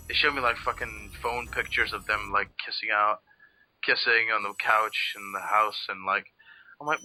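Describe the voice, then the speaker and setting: Rambling man with a very bright voice. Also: lowish voice, moderate pace, faint music behind, low-quality recording. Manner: rambling, swearing, many restarts. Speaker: let's play co-host watching. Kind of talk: casual gaming chat.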